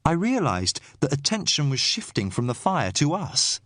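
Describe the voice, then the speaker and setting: Dry, measured male audiobook narrator. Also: a little high, sing-song, a bit bright, dry recording. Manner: measured, tense storytelling. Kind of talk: first-person audiobook narration.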